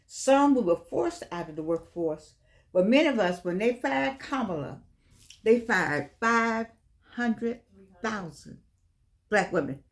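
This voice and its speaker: An older woman speaks in a solo vlog. She talks emphatically and preachily, hammering her points home by repeating phrases. Her voice sits at an ordinary middle pitch for a woman. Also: animated, slow. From United States. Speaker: vlogger. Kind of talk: impassioned monologue.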